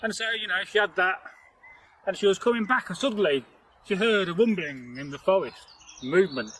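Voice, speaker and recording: A man with a high, bright voice tells an old folktale outdoors, chatty and rambling and peppered with "you know" asides. There is a faint hiss under the voice. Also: brisk, poor audio. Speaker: storyteller host. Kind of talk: rambling casual folktale telling. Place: outdoors in nature.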